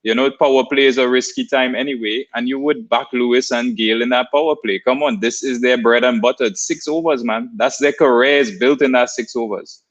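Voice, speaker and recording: A man joining a podcast discussion as a guest, talking in an easygoing, measured way with plenty of fillers. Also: medium pitch, steady tone. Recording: dull lo-fi audio.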